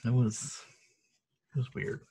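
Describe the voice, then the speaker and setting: A man's voice: a little slow, mellow. A man co-hosting a podcast, chatting casually and profanely about a movie, laughing and telling stories with animation. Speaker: podcast co-host. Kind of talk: casual chat reviewing a movie.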